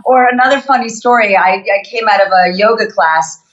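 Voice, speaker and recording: A Canadian woman with a North American accent chats as a guest, laughing often as she tells stories. Her voice is at a middle pitch. The audio is slightly dull and lo-fi. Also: fairly quick. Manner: chatty, laughs often, storytelling. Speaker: guest singer. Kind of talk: casual interview chat.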